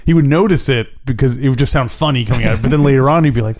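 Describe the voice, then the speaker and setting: A man's voice: mid-range voice, rapid-fire, darkish tone. A man co-hosting a podcast, chatting casually about a film, laughing often and acting out characters' lines. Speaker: podcast co-host.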